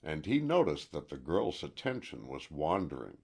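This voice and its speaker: A male audiobook narrator with a low, husky voice. He reads slowly and with lively, shifting intonation. His delivery is measured and expressive. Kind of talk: audiobook reading.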